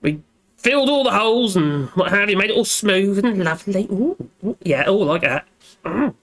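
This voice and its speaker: A man's voice: high voice, expressive, moderate pace, fairly bright tone. A man hosting a casual live stream, chatting in a rambling way and tagging his lines with little repeated phrases.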